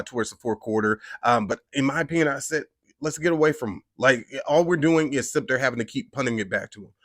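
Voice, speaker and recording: A man talks through his frustration on his own podcast in a rambling, emphatic way. His voice sits at a middling pitch, and the recording is dry and close to the mic, with no room sound. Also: fairly bright tone, dry recording. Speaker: podcast host. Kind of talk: fan reaction commentary.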